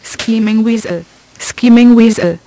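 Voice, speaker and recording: A man's voice: extremely high pitch, unhurried, crowd noise, pitched above the performer's own voice, rough recording. A man voicing a whiny, stubborn female radio caller who keeps nagging.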